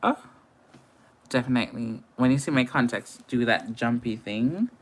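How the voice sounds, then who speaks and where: A woman's voice: a bass voice, lively intonation, moderate pace. A young woman from Antigua with a Caribbean accent, chatting casually with viewers on a late-night makeup livestream, laughing often. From Antigua and Barbuda.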